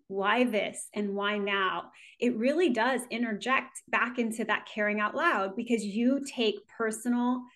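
A woman guest who works as a neonatal nurse, speaking earnestly in relaxed conversation, often restarting her phrases. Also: fairly high pitch. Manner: earnest, with frequent restarts and small laughs. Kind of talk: casual reflective conversation.

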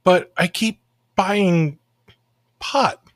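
A man's voice: high voice, drawn-out words, no room sound. A man from Ohio hosting a podcast, chatting casually and joking with lots of laughter. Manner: jokey, animated, laughs often. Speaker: podcast host. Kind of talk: casual chat.

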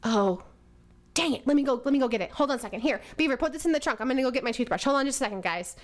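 A woman's voice: high voice, animated, racing. A woman voicing a carefree, disorganized man who talks in a breezy, careless way.

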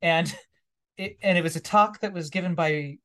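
A guest in a casual interview conversation tells a story reflectively, with warm laughs. His voice is a little high and his pace normal.

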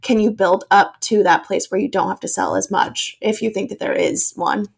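A woman's voice: mid-range voice, fairly even intonation, normal speed, vocal fry, slightly rough. A woman hosting a podcast, chatting casually and agreeing readily with her guest. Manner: chatty, agreeable, many affirmations. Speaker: podcast host.

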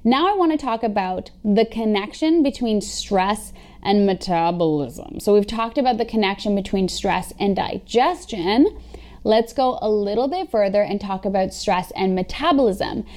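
A woman's voice: medium pitch, lively intonation, normal speed, darkish tone. A young adult woman health coach explaining a topic on her solo podcast in a casual, upbeat way, talking straight to her listeners and swearing now and then. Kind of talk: solo podcast teaching talk.

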